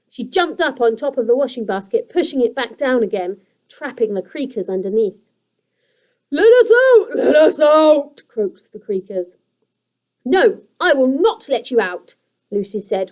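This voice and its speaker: A young woman teacher reads a children's chapter book aloud to her class. Her voice sits a touch high and she keeps an even, expressive storytelling pace. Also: rough recording.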